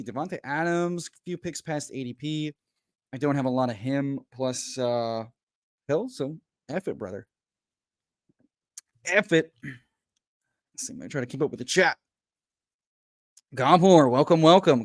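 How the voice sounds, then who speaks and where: A man hosting a casual livestream from home, hyped and folksy, who keeps calling people brother and bursts into loud pep talks. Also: medium pitch, dry recording, clean studio sound. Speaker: host.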